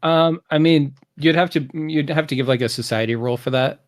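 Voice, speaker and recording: A man's voice: a little high, normal speed. Rambling man running a tabletop game. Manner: rambling, many fillers, builds scenes. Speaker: game master.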